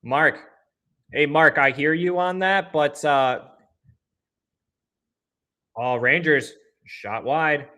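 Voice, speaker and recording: A young man with a slightly high voice calls a hockey game for a fan livestream. His play-by-play is partisan, running from low, even calls to sudden loud outbursts of frustration. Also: extremely slow, pauses often. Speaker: livestream host.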